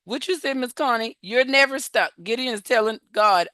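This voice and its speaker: A woman coaching a support group, retelling scripture in an animated, encouraging, conversational way. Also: fairly high pitch, moderate pace, few pauses, no echo. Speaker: emotional wellness coach leading a support group. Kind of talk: faith-based coaching talk retelling scripture.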